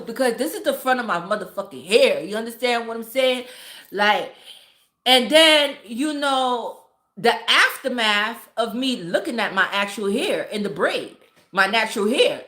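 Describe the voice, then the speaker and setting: A woman's voice: fairly high pitch, a little slow, roomy sound. A woman casually telling a story to her live viewers, swearing freely and laughing as she goes. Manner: profane, laughing, animated storytelling. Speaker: streamer.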